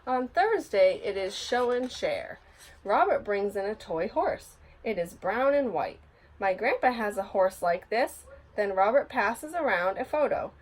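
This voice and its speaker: Expressive woman reading a picture book. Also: medium pitch, unhurried. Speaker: storybook reader.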